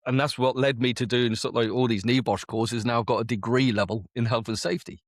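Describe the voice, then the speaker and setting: He's a fast talker with a medium-pitched, steady voice: an army veteran and business owner from the United Kingdom, in his forties. In a casual interview he tells his story in a chatty way, packed with quoted dialogue. The clean studio recording is dry.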